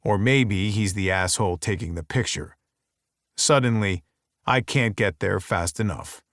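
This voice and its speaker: Low, dry-voiced male audiobook narrator. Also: measured pace, a bit bright, no echo. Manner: wry, intimate inner monologue. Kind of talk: first-person romance audiobook narration.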